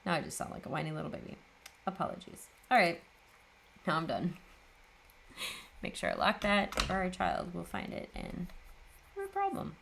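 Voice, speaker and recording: A woman's voice: lowish voice, wildly swooping pitch, moderate pace, creaky, long pauses, a bit bright, slight background noise. A woman hosting a papercraft video, chatting casually and tiredly as she works, often laughing at herself. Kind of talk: casual chat while crafting.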